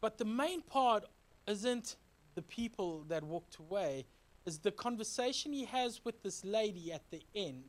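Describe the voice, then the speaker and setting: A man with a notably high voice preaches a sermon in a relaxed, conversational tone. He moves between lively, joking storytelling and earnest, repeated exhortations to his congregation. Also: measured pace. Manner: animated, joking storytelling with sound effects. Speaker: pastor.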